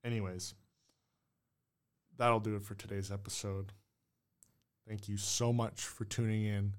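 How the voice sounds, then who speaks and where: Male host, lowish voice, casual solo monologue, thinks out loud and hedges a lot. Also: level tone, a little slow, clear, resonant tone. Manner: musing, unsure, rambling with hedges.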